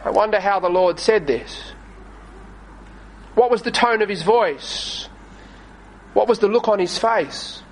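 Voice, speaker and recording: A man preaching a sermon, reading scripture aloud and slowing down to stress key phrases in an earnest, pleading way. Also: high-pitched, slight background noise, rough recording. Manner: reads scripture in archaic wording, slows for emphasis.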